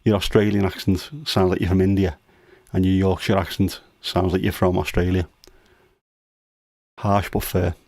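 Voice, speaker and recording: A man's voice: sits low, little pitch movement, normal speed, vocal fry, a little mellow, dry recording. A middle-aged man hosting a casual livestream chat, teasing his daughter with jokey dad humor. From United Kingdom. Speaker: livestream host.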